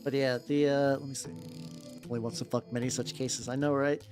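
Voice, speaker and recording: A man's voice: medium pitch, flat delivery, fairly quick. A man chatting casually while painting miniatures on stream, rambling, repeating words and swearing. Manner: talks to chat while painting. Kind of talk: casual livestream chat. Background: faint background music.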